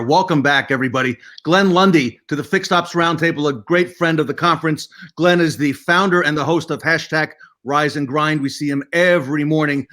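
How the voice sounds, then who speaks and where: A man's voice: a little high, a bit bright. Welcoming male event host. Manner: welcoming introductions with fillers. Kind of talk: event hosting.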